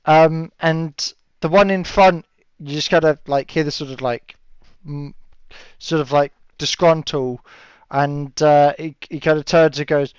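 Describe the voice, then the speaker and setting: A man's voice: on the high side, steady tone, unhurried, smooth, no echo. A man running a tabletop game as game master, chatting casually with fillers and laughing asides. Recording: dull lo-fi audio with a dry sound.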